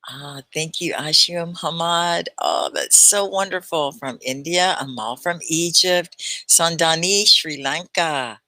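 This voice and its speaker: A woman hosting a live online English class, greeting students warmly and praising them. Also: low-pitched, dry recording. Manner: effusive, praising and welcoming; talks slowly at points for learners. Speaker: English teacher hosting a livestream.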